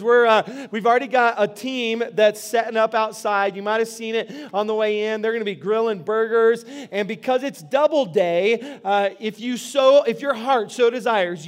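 A pastor making church announcements in a playful, joking way. He is a man with a high voice. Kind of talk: sermon announcements. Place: church sanctuary.

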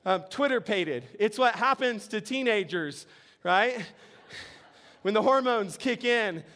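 A man's voice: high-pitched, expressive, slow pace, fairly bright tone. A man preaching a sermon in a conversational way, often laughing and asking the congregation questions. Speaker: pastor.

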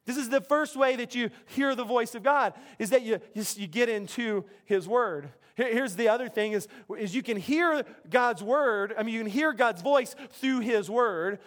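A man preaching a sermon as pastor, conversational and animated, often restarting his sentences. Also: very high voice, normal speed, hardly any pauses.

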